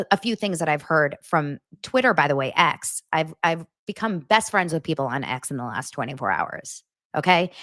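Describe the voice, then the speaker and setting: A woman hosting a casual commentary show, talking in an animated, rambling way full of asides and the odd swear word. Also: fairly low pitch, no echo, studio quality. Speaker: host.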